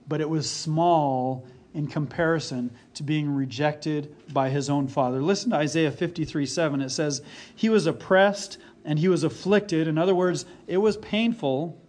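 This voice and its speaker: Slow, earnest male preacher. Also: a little high, a little mellow. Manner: earnest, repeats key phrases for emphasis; slow and deliberate. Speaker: pastor. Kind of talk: sermon.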